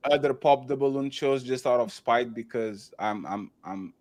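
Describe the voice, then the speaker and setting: Male live-show host, casual and joking, stumbles and restarts a lot, mid-pitched voice, close and dry audio. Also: normal speed, darkish tone, dry recording. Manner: loose and joking, stammers through restarts, thanks viewers by name. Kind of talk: casual live-stream chat.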